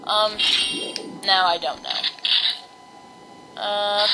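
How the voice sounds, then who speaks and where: A woman's voice: medium pitch, moderate pace, heavy background noise. A woman giving casual, rambling commentary while playing a video game, with many ums and restarts. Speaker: let's play host. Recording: game music in the background.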